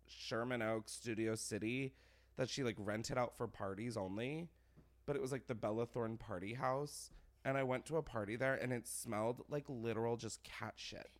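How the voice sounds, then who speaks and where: A young man hosting a podcast, chatting casually in a gossipy, animated way, laughing often and saying "like" a lot. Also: medium pitch. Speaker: podcast host. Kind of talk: casual chat.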